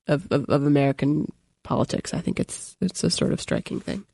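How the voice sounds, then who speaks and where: A woman's voice: sits low, brisk, vocal fry, warm tone, no echo, studio quality. A woman chatting on a podcast panel, hedging with "I think" and often restarting her phrases. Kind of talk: casual chat. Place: studio. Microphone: studio mic.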